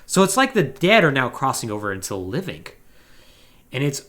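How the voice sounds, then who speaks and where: A man hosting a casual video game podcast, retelling a story with animated, acted-out quotes. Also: medium pitch, a little fast. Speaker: podcast host.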